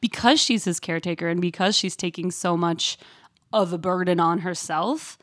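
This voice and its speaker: Woman podcast co-host, casual chat, animated, leaps up high for quotes, dry close sound. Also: moderate pace, no room sound.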